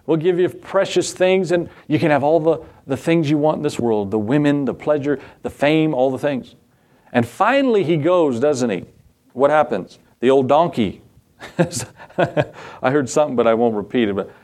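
A middle-aged preacher whose voice sits a little high for a man. He talks in a folksy, conversational way and keeps asking his listeners questions. He acts out the people he quotes as he preaches. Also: a little mellow. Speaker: pastor. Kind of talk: sermon.

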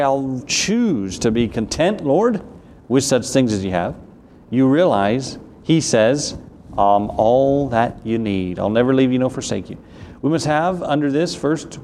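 A man's voice: mid-range voice, lively intonation, a little slow, a little mellow, a little hiss or hum. A man with a Southern US accent preaching a sermon, moving between conversational asides and King James scripture readings.

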